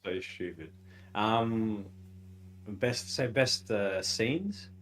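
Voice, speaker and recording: Laid-back male co-host, lower voice, chuckles often. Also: extremely slow. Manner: relaxed, laughs easily, thinks aloud. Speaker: co-host of a movie review show. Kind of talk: casual chat.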